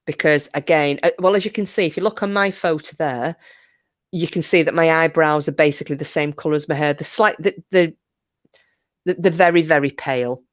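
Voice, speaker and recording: A woman's voice: low voice, brisk, no echo. A middle-aged woman, chatting and telling funny stories to viewers on a livestream. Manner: chatty, animated anecdotes with laughs and asides to viewers. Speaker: livestream host. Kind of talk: casual storytelling chat.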